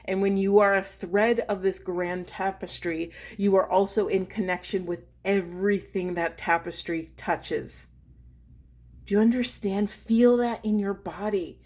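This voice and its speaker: A woman, a spiritual coach, doing an intuitive card reading in an earnest, slow and emphatic way, pausing to feel for her words. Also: medium pitch, fairly even intonation, a little mellow.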